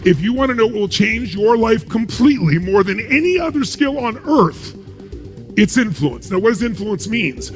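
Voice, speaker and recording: High, lively man giving a motivational talk. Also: normal speed, faint music behind. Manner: emphatic, asks rhetorical questions and answers them. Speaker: motivational speaker.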